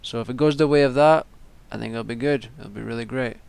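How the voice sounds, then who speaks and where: A man's voice: mid-range voice, fast, gravelly, a little mellow, clear, resonant tone. A young man giving casual, rambling solo commentary, with frequent ums and restarts. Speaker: wrestling vlogger.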